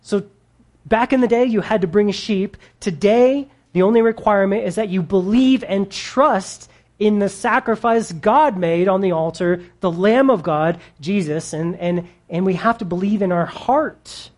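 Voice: mid-range voice, moderate pace, darkish tone. Conversational preacher asking rhetorical questions. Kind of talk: sermon.

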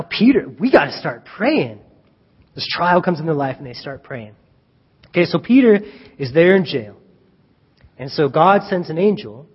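A man with a high, husky voice preaches a lively storytelling sermon, slipping into the voices of the people he describes. The sound is dull and lo-fi, with a long echo from a church hall. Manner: animated, acts out scenes, chuckles at own jokes. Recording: dull reverberant hall recording.

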